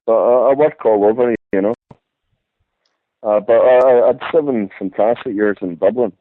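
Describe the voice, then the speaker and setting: A man's voice: mid-range voice, normal speed, dry recording. A man calling in to a radio show, chatting casually and opening his turns with fillers such as "listen". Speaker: caller. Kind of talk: casual phone-in chat. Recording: tinny dry phone line.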